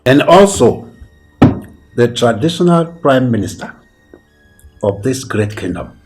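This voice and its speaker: A man's voice: mid-range voice, lively intonation, a little slow, husky, faint music behind. An actor playing a middle-aged king who lectures his sons and directs his wife. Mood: lecturing. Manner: commanding, dismissive. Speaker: king and father. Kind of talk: film acting.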